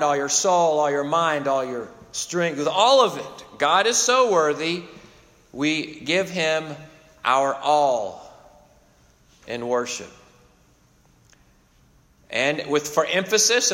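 A man with a notably high voice preaches an expository sermon, swelling on emphatic phrases and then dropping low. His words ring out with a long reverb, as in a large church hall. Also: fairly bright tone. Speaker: pastor.

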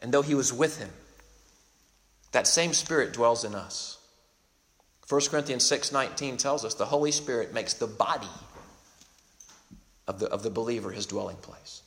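A man's voice: mid-range voice, normal speed, pauses often, a bit bright, big-room sound. A male pastor giving an earnest, emphatic sermon, often restarting and repeating his words as he builds each point.

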